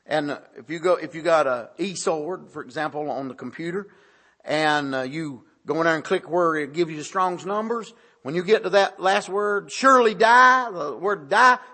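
A man preaching a sermon, punctuating points with "amen" and swinging between soft asides and loud emphatic calls. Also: fairly high pitch, moderate pace.

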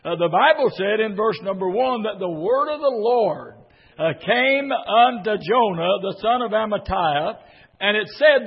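Husky high-voiced preacher in a church. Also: male voice, expressive, a little slow. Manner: fervent preaching with frequent uh fillers and repeated phrases. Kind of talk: revival sermon. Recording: dull, long-reverb church sound.

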